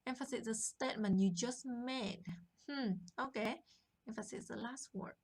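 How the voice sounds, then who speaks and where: A woman's voice: on the high side, husky. A woman teaching a language lesson on a live stream, explaining patiently and greeting viewers from the chat. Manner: slow, patient explaining with chat shout-outs.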